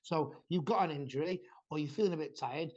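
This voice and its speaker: Brief: male podcast host, blunt and sweary, slightly high voice, muffled lo-fi recording. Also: a little fast, darkish tone. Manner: blunt, swears freely, rambling explanations. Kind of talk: casual podcast chat about training. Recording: dull lo-fi sound.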